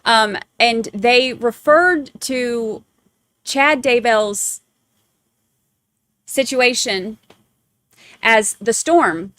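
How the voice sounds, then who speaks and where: A woman's voice: fairly high pitch, drawn-out words, pauses often, a bit bright, no echo. A woman hosting a true crime podcast, rambling in casual chat with many fillers. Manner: chatty, rambling, lots of fillers.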